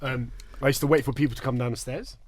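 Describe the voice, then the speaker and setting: A man's voice: mid-range voice, fairly even intonation, fast, a crowd in the background. A man hosting a casual podcast chat, bantering with slang and teasing his guests. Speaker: podcast host.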